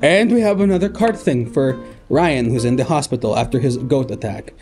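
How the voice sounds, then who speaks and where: Goofy comedy host working the phones, everyday mid-range voice, light music under him. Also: male voice, medium pitch, moderate pace, few pauses. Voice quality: playful, goofy, bursts into loud pleading. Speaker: call center host character. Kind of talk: improv comedy.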